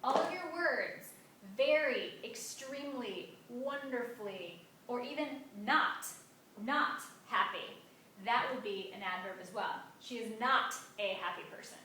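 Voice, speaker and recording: Bright-voiced woman teaching grammar. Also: fairly high pitch, expressive, a little hiss or hum. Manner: emphatic, drawn-out stresses on key words. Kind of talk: classroom grammar lesson. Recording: echoey room, mic at a distance.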